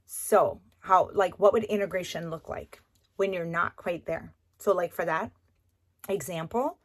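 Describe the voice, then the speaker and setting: A woman's voice: fairly low pitch, unhurried. Woman course coach, conversational and encouraging, keeps checking in with listeners. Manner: conversational, often checking in with "okay?"; encouraging and repetitive. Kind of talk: recorded course lesson.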